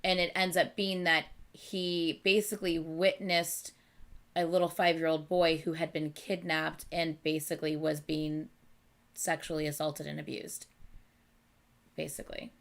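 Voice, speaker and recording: Woman host, lowish voice, casual chatty reading and reacting at home. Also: a little slow, vocal fry. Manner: animated, chatty, thinking aloud with many okays. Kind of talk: casual live reading chat. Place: at home at night.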